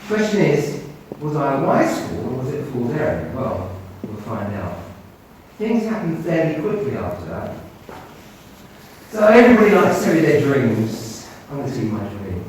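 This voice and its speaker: Male doctor, storyteller, very expressive, distant mic in a big echoey room. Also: moderate pace, slight background noise. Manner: animated, swings his pitch when quoting others. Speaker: doctor giving a talk. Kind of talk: storytelling talk to an audience. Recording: roomy hall, mic at a distance.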